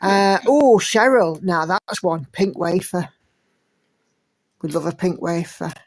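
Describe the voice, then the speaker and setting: A woman's voice: lowish voice, slow, noisy background. An English woman hosting a livestream, chatting and reading out viewer comments with lots of fillers. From England. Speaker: livestream host.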